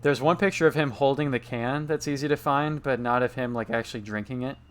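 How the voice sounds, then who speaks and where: A man chatting his way through a game on stream, reading its lines aloud and translating them as he goes. His voice is smooth and clear, sitting at an ordinary middle pitch, and his tone stays relaxed and amused. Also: brisk. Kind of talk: casual live-stream commentary with read-aloud translation.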